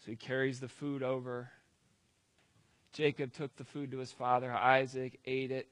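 A man's voice: mid-range voice, monotone, moderate pace, a bit bright, dry recording. A man preaching, retelling a scripture story in a conversational way with casual asides. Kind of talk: storytelling sermon.

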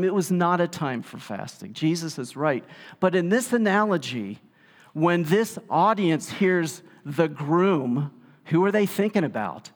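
Animated preacher in a reverberant hall. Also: male voice, a little high. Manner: animated, acts out quoted voices. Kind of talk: sermon.

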